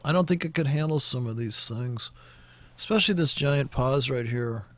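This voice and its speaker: A man's voice: mid-range voice, expressive, normal speed, a bit bright, dry recording. A man with a Canadian accent talking through currency charts in a casual, rambling way, with many fillers and restarts. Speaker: forex trading commentator. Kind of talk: casual screen-share chart walkthrough.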